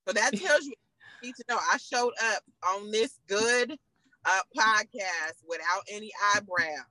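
A woman's voice: medium pitch, moderate pace, sharp tone, no room sound, poor audio. A woman co-hosting a podcast, bantering in a sassy, defensive way. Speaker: podcast co-host. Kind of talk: casual chat.

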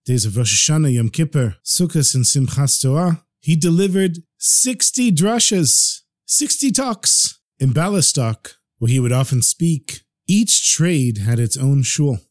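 Expressive male storyteller, dry voice. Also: on the high side, unhurried, no room sound. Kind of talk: podcast story narration.

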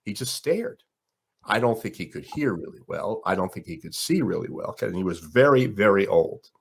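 An older man, a guest on an interview show, telling a story in a dramatic, animated way. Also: deep voice, moderate pace, gravelly, breathy edge. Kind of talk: storytelling in conversation.

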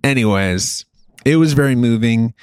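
A man's voice: mid-range voice, normal speed, smooth, no room sound. A middle-aged man chats in an easygoing, rambling way, his voice sitting in a middle register. The recording is close and dry with no room sound. He keeps a loose storytelling flow. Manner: animated, rambling, swears casually, says dude. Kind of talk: casual storytelling chat.

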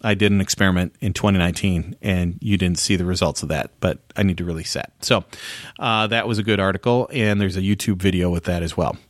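A man's voice: low-pitched, fairly even intonation, fast talker, no echo, clean studio sound. A man hosting a casual solo podcast, talking conversationally and asking his listeners rhetorical questions. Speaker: podcast host.

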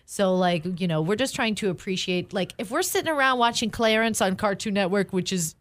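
A woman in her thirties co-hosting a podcast, chatting casually and swooping up in pitch when she acts out scenes at home. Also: a little fast. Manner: chatty, animated, swoops high when acting out her kids. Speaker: podcast co-host. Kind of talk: casual chat.

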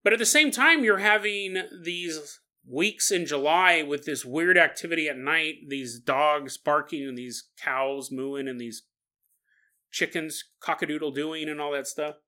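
A man's voice: on the high side, unhurried, bright, forceful tone. A man hosting a podcast, telling a strange story in a casual, jokey way and laughing often. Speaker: podcast host.

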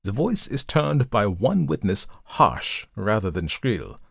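A man voicing a calm, methodical male detective who reasons aloud in a measured, lecturing way, in an audiobook reading. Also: fairly low pitch, vocal fry, husky, no echo, clean studio sound, exaggerated voice. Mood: reasoning.

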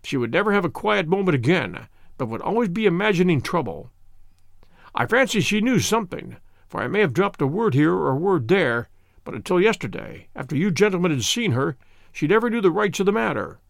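A man's voice: high voice, very animated, fairly quick, vocal fry, dry recording, clean studio sound, heavily acted. A man reading an older American fugitive who speaks with a blunt, folksy, earnest manner and an American accent. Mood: frank.

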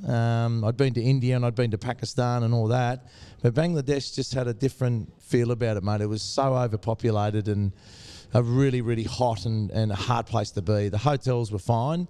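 A middle-aged Australian man, a former cricketer, telling stories in a relaxed interview and saying "mate" all the time. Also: mid-range voice, brisk, few pauses, smooth. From Tasmania, Australia. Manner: laid-back, says mate a lot. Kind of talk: casual interview storytelling.

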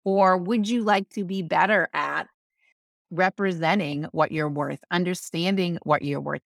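A woman business coach talking as a podcast guest, animated, acting out quick voices and often asking "right?". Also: on the low side, vocal fry, dry recording, studio quality. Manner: animated, acts out voices, asks rhetorical "right?". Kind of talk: podcast interview.

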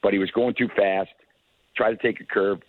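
A man's voice: lowish voice, steady tone, moderate pace, a little hiss or hum. An older man, a hockey executive, telling long rambling anecdotes as an interview guest, with many restarts and chuckles. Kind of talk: casual storytelling. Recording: tinny phone line, dry.

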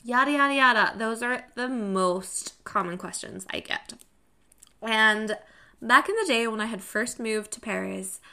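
A young woman from Mexico hosting a podcast, talking in a chatty, animated, self-deprecating way. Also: mid-range voice, clear, resonant tone. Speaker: podcast host. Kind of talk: casual monologue.

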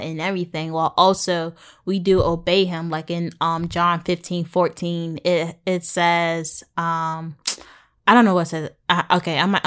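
A young woman in her twenties talks about her faith in an earnest, rambling way, stopping and restarting her thoughts often. Her voice is smooth and clear, pitched on the lower side, with a tired edge to it. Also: fairly bright tone. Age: 20s. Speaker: podcast host. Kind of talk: faith-based personal talk.

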